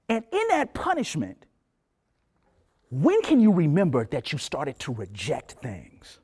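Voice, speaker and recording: A man in his late forties giving a talk as a professor, telling a story with lively asides and acted-out voices. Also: fairly high pitch, measured pace, husky. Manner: animated storyteller, acts out voices, laughs. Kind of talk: lecture with storytelling.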